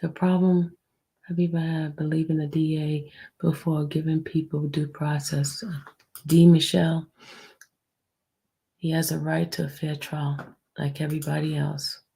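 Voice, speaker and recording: Woman on a livestream talking low n hushed, gravelly, kinda deep, blunt w the chat. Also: flat delivery, measured pace, long pauses. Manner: speaks low and hushed, near a whisper; blunt, defensive, talks straight to viewers. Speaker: livestream host. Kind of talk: livestream talk answering the chat.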